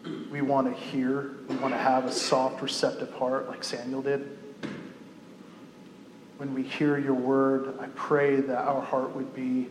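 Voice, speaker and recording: A man's voice: mid-range voice, completely flat delivery, a little slow. A man leading an earnest spoken prayer in a church before the sermon. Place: church sanctuary. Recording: echoey hall with faint room noise.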